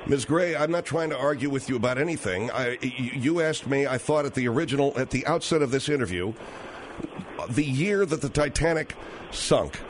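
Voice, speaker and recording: A man's voice: medium pitch, lively intonation, moderate pace, a little hiss or hum. A man hosting a call-in radio show, defending himself and trying to keep a prickly guest on track. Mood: defensive. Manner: defensive, trying to placate and steer back on track. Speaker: radio talk show host.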